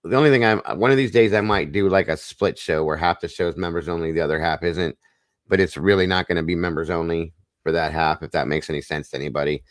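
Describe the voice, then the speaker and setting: A man hosting a live stream, chatting casually in a rambling, folksy way and clearing his throat now and then. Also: low-pitched, fast talker, no room sound, studio quality. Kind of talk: casual chat.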